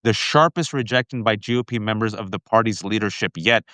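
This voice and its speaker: A man's voice: on the low side, bright, forceful tone, no echo. Impassioned man hosting a political talk show. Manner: impassioned, fast bursts, addresses viewers as folks. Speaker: podcast host.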